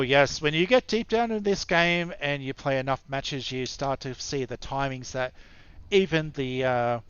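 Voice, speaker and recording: An Australian man commentates a strategy game match in an easygoing, rambling way, pausing often with fillers. He speaks at a mid pitch, and his voice comes through a dull, lo-fi microphone. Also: a bit bright, clean tone, dry recording. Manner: rambling, halting, with many fillers. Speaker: esports caster.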